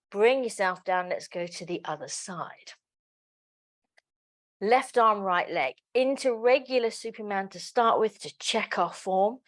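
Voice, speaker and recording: A woman in a mid-range voice leads a live pilates class, calling out breathing and movement cues and counting reps aloud. Between cues she slips in playful, chatty asides.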